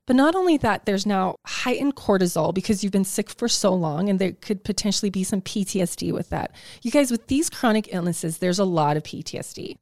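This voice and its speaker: A passionate woman speaking as a health expert in a podcast chat, pressing her points hard and letting her feelings run high. Her voice sits at an ordinary pitch, and the sound is dry and close to the mic. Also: a little mellow, no room sound. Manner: emphatic, passionate, gets heated. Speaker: health practitioner guest. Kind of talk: podcast conversation.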